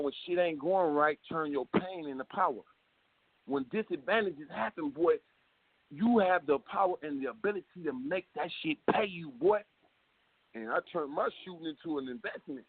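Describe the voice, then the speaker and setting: A man guest telling his story in an animated way, full of street slang and swearing, heard on a tinny phone line. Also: high-pitched, no room sound. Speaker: rapper guest. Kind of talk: phone interview.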